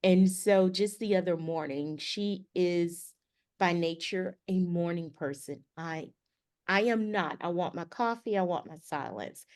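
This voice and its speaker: A woman's voice: on the low side, measured pace, a little mellow. A middle-aged woman co-hosting a podcast, telling a story casually and acting out the dialogue with animation. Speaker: podcast co-host.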